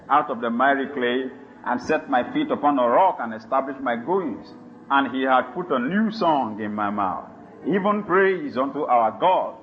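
A male pastor preaching a sermon, animated, laughing and calling for responses from the congregation. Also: medium pitch, dull audio, slight background noise.

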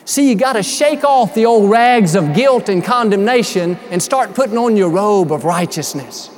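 Male pastor, high-pitched, twang, emphatic and encouraging sermon delivery. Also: moderate pace, few pauses. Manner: upbeat, emphatic preaching with folksy storytelling.

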